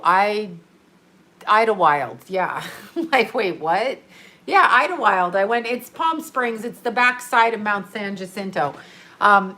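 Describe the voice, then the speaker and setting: A woman talks to her livestream viewers from home in a loose, chatty way, greeting people and rambling from one thing to the next. She laughs easily and keeps things casual, her voice at an ordinary middle pitch for a woman. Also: sharp tone. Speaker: livestream host. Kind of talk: casual live-stream chat.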